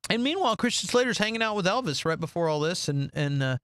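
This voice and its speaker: A man co-hosting a casual movie podcast, animated and laughing often, acting out lines from films. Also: high voice, fast, smooth, no echo, clean studio sound. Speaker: podcast co-host. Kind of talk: casual chat about movies.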